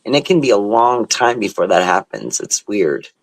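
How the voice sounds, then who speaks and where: A man's voice: lowish voice, very animated, moderate pace, rough recording. A middle-aged host in casual chat, talking in a sympathetic, rambling way about his own experience.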